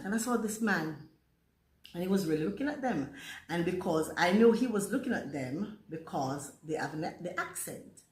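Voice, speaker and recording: A woman's voice: lowish voice, lively intonation, moderate pace. A woman in her forties with a Jamaican accent tinged with British, telling a rambling storytime monologue and mixing patois into her English. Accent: Jamaican, mixed with British. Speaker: vlogger. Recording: roomy echo.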